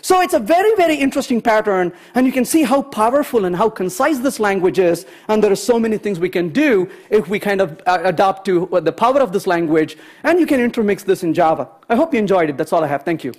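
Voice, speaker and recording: A man giving a conference programming talk, chatty and animated, often checking in with the audience. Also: high voice, fast talker, hardly any pauses. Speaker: conference speaker. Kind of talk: technical talk with anecdotes.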